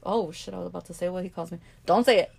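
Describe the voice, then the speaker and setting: A woman co-hosting a podcast, telling a personal story in an animated way, with a lot of swearing and "like"s. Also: fairly low pitch, racing, creaky, husky. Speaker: podcast co-host. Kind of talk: casual storytelling chat.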